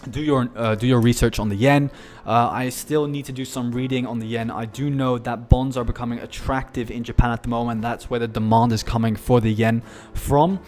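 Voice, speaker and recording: A man's voice: mid-range voice, steady tone, fairly quick, hardly any pauses, darkish tone, soft background music. A man hosting a live trading stream, chatting casually and addressing viewers as guys.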